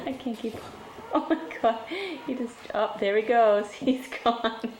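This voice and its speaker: A woman's voice: a little high, a little slow, a little mellow, reverberant, lo-fi sound, a little hiss or hum. A woman filming at home, giving playful running commentary and talking to pets in a sing-song voice. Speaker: home video narrator.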